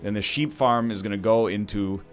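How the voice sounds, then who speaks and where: A man's voice: on the low side, normal speed, soft background music. A man from Canada giving casual gameplay commentary as a streamer, rambling with joking asides. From Canada (Ontario).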